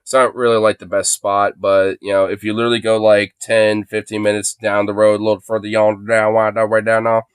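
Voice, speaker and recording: A man voicing a kindly old rural farmer with a slow, homespun, rural American drawl. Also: on the low side, flat delivery, smooth, no room sound, pitched below the performer's own voice, lightly acted. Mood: folksy.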